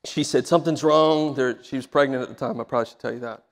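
A man's voice: medium pitch, little pitch movement, rapid-fire. Emotional male pastor in a reverberant hall. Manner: emotional storytelling, voice swelling when stirred. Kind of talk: sermon. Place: church sanctuary.

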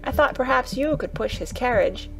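Woman doing a curious little girl, eager and crisp, soft music behind. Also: high voice, animated, normal speed, pitched above the performer's own voice.

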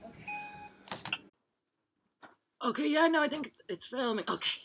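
Manic obsessive woman, higher pitch, breathless, whispered asides; woman acting. Comedy sketch. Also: expressive, moderate pace, creaky, fairly bright tone, a little hiss or hum, heavily acted. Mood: scheming. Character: an obsessed, scheming young woman. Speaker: comic actor.

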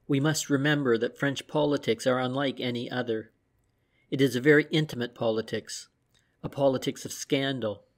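A man reading an old newspaper dispatch aloud as an audiobook narrator, at a measured, even reading pace. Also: medium pitch. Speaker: audiobook reader.

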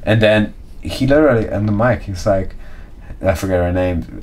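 A man co-hosting a podcast, chatting casually and often mimicking people in high silly voices. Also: normal speed, darkish tone. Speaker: podcast co-host. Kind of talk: casual chat.

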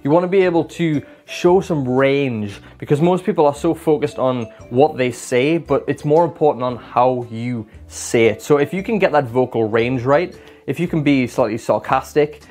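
Talking to the camera at normal speed, a self-improvement vlogger with a mid-range, slightly mellow male voice offers casual advice. He's chatty and self-deprecating, demonstrating different voices and tones as he explains.

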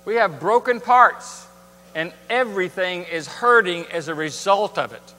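A man's voice: high-pitched, animated, measured pace, bright, forceful tone. A man preaching a sermon in a church, talking conversationally and asking his congregation rhetorical questions. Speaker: pastor. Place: church sanctuary. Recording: long church hall reverb.

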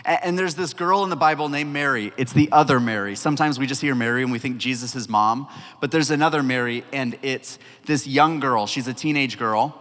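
A young man as a youth pastor, telling a story in an animated way and acting out the dialogue. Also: medium pitch, brisk. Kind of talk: lively youth talk with storytelling. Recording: reverberant hall sound.

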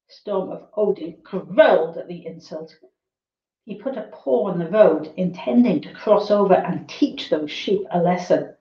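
A woman reading a children's novel aloud in a measured, expressive storytelling manner. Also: lowish voice. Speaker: reader. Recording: roomy, dull lo-fi sound.

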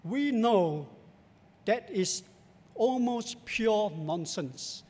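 A male pastor with a Singaporean accent, preaching in a measured, emphatic, rhetorical way in a church. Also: high voice, expressive, a little mellow. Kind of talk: sermon. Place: large church sanctuary. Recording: long church hall reverb.

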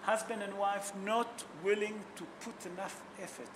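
A man's voice: high-pitched, fairly even intonation, moderate pace, noisy background. A man speaking as a rabbi in a sermon, telling stories emotionally and asking his listeners questions, in non-native English with simple grammar. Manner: emotional storytelling, asks the audience questions.

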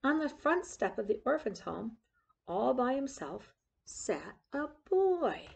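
Gravelly-voiced woman reading a picture book. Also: a little high, takes it slowly. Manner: expressive, shows pictures as she reads. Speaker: storyteller.

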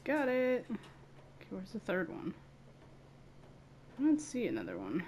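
Giggly woman narrating a game slowly. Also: medium pitch, wildly swooping pitch, a little mellow, slight background noise. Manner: playful and giggly, chatting to herself. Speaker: gaming video creator. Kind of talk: casual let's-play commentary.

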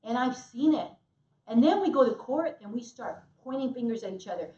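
A woman's voice: fairly high pitch, expressive, brisk, mellow, echoey room, distant mic, highs cut off. A woman co-teaching a church marriage class, earnest and emphatic, acting out what couples say. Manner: earnest, emphatic, acts out quotes.

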